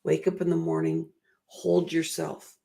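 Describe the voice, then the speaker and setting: A woman's voice: low voice, completely flat delivery, unhurried, vocal fry, dark tone. A middle-aged woman giving an emotional, earnest motivational talk, often laughing at herself. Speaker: motivational speaker.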